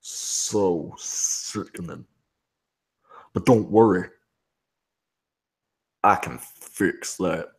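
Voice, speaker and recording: A man voicing an evil, contemptuous male monster in loud, sneering declamation. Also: low-pitched, very slow, long pauses, husky, full character voice. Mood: menacing.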